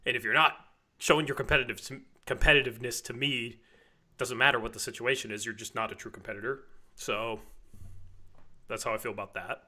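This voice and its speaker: A man from Washington state hosts a casual postgame basketball chat on a live stream, chatty and joking. His mid-range voice is steady and sharp, and he talks a little fast.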